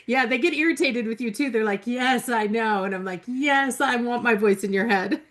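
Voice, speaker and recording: A woman's voice: a little high, normal speed, a bit bright. A woman hosting a live math webinar over a computer mic. She talks in a chatty, enthusiastic way, with lots of fillers and laughs as she reads the chat aloud.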